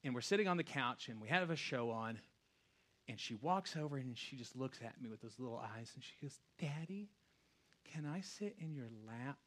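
A man in his thirties, a pastor giving a casual, conversational sermon that swings from hushed reflection to loud storytelling. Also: mid-range voice, brisk.

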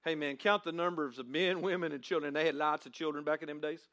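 A man's voice: fairly high pitch, fairly even intonation, fast talker. A man pastor preaching a sermon, praying and then reading and acting out scripture with dramatic emphasis. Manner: dramatic, shouting crowd voices in reenactment.

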